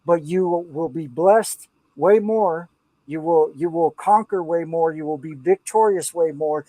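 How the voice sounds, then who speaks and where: A man's voice: fairly high pitch, measured pace, warm tone, no room sound, rough recording. Enthusiastic middle-aged man, dry and close. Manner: enthusiastic, rambling, preachy asides. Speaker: podcast host and producer. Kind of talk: casual podcast chat about song lyrics.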